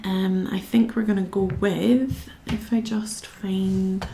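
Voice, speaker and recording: A woman's voice: medium pitch, fairly even intonation, takes it slowly, gravelly, mellow, slight background noise. A young woman from Scotland chatting casually to her live-stream viewers while she colours, reading out their comments and talking to herself as she works.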